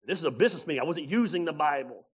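A man preaches with a high, bright voice. His sermon is folksy and animated, full of laughter, and he acts out little scenes as he goes. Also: racing, slightly rough. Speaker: pastor.

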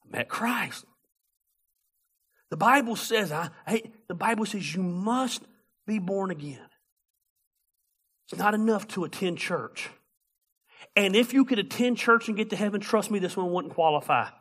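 A man preaching a sermon as a pastor, telling a story in an animated, humorous way. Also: high voice, measured pace, pauses often, breathy edge.

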